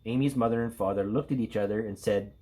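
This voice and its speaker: A man, an elementary school teacher, reading a picture book aloud to children in a playful, expressive way. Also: lowish voice, quick pace. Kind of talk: read-aloud storytelling for children.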